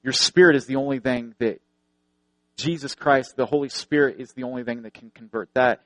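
Here the same earnest preacher moves fairly quickly with a steady tone, hammering points through repetition and slipping into anecdotes. His mid-pitched voice is close-miked and dry, with no echo.

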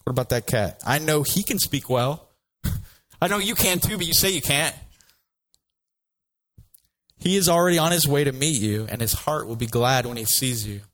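Male pastor voicing God, stern and booming, commanding tone. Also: lively intonation, normal speed, pauses often, fairly bright tone, close to an everyday voice, low-quality recording.

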